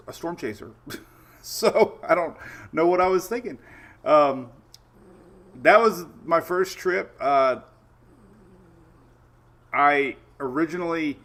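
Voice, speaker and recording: A man's voice: medium pitch, a bit bright. Chatty man hosting a weather stream. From Florida Gulf Coast. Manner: chatty, greets viewers by name, tells stories with quoted asides. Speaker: weather show host. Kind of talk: casual livestream chat.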